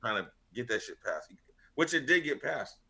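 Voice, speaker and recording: A man's voice: mid-range voice, sing-song, normal speed, vocal fry, pushed and bright, slightly rough. A man on a casual podcast panel, telling a long rambling story full of swearing and laughter. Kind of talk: casual chat.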